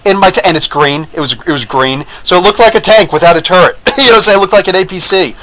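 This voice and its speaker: Podcast guy with a kinda high voice, blunt and rambly, keeps going "you know what im saying". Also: fast talker, bright, forceful tone, a little hiss or hum, low-quality recording. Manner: blunt and opinionated. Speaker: podcast host. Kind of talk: casual opinion monologue with storytelling.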